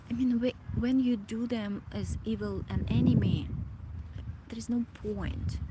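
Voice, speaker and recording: A woman vlogging a reflective personal monologue, emotional and halting, often restarting as she searches for words. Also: lowish voice. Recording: loud background noise.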